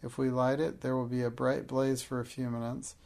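A man reading the part of an imaginative young girl who loves pretending, in an even, gravelly voice. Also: medium pitch, brisk, close to an everyday voice.

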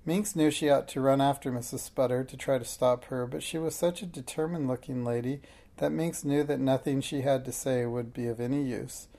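A reader narrating a children's storybook aloud in a steady, unhurried way, with small slips. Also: medium pitch.

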